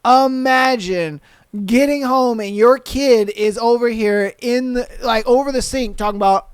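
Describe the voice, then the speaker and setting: A man hosting a podcast, reading out listener stories and cracking up at them. His voice is smooth and clear, recorded close and dry with no room sound. He talks in loose, profane slang and keeps slipping into quick impressions of the people in the stories. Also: very high-pitched, steady tone, no echo. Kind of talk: casual podcast commentary.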